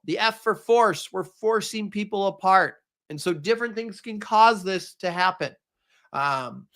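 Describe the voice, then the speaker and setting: Minnesotan male teacher, casual live review, fairly high voice, chatty and direct with viewers. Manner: casual, chatty, energetic, talks straight to the viewers. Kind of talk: live exam review stream.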